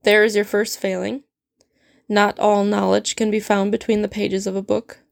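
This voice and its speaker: A woman's voice: medium pitch, flat delivery, moderate pace, gravelly, no echo, clean studio sound, natural voice. A woman reading a story aloud, voicing a stern, sardonic male potions professor who speaks in a cold, clipped and cutting way. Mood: cold, scornful.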